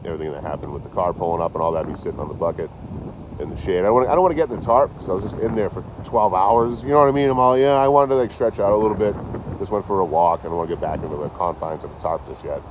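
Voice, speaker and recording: A man with a low, deep voice rattles off a story at a quick clip, swearing freely and acting out both sides of each conversation. He records on a phone outdoors, with a faint wash of outdoor ambience behind him. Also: noisy background. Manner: rambling, profane, animated retelling with quoted dialogue. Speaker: vlogger. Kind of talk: casual storytelling vlog. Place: outdoors near trees and a road. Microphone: handheld phone.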